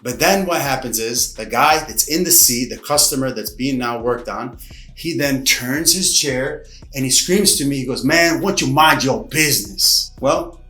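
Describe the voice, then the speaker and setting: Martial arts coach telling a story in an echoey room. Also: male voice, medium pitch. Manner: lively, dramatic retelling with acted-out quotes. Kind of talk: casual storytelling to camera. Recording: echoey room, faint music behind.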